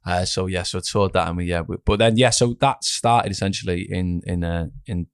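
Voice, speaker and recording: A man's voice: sits low, brisk, clean tone, no echo, studio quality. A young man, an actor chatting as a guest in a casual interview, rambling with many restarts and fillers.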